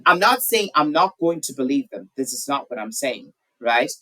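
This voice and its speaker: Bright-voiced male English teacher. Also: mid-range voice, very animated, moderate pace, poor audio. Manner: leads with questions, frank and chatty. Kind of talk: conversational class discussion.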